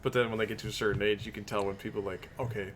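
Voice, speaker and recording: A man co-hosting a casual podcast, talking about his kids in a low-key, laid-back way. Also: level tone, very fast, a bit bright, slight background noise. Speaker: podcast co-host.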